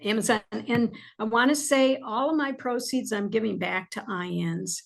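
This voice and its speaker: A woman's voice: on the high side, moderate pace, creaky. A woman author as a podcast guest, chatting casually with many fillers and getting emotional as she talks. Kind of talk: casual interview chat.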